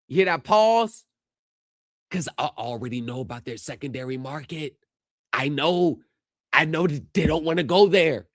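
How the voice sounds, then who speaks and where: A man live-streaming reactions to court footage, talking straight to his viewers and shouting at the screen. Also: on the high side, no echo, clean studio sound. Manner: heated, yells at the screen; addresses viewers directly.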